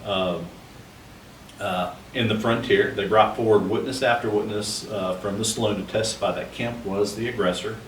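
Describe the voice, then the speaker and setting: Heard through a distant, roomy mic with a little background noise, a man with a lowish, steady voice moves at a moderate pace. He's a podcast co-host and history researcher chatting casually about the Old West, full of fillers and restarts.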